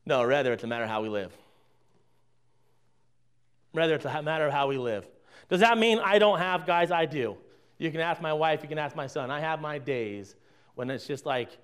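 A man delivering a sermon in a notably high voice. He engages the congregation with rhetorical questions. His volume swings from loud emphasis down to near-murmured asides. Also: animated, normal speed, pauses often, smooth. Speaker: pastor.

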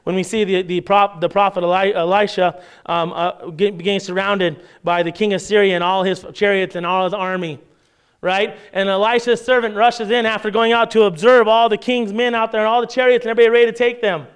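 A male preacher with a high, smooth, clear voice. He tells stories in his sermon and acts out the people in them. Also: a little fast. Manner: animated storytelling, acts out the characters' voices.

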